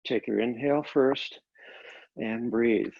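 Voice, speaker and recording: A man teaching a Pilates class, calmly cueing each step of the exercises, recorded on a laptop microphone. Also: medium pitch, takes it slowly, vocal fry, lo-fi sound, background noise. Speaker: Pilates instructor. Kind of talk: guided exercise class instruction.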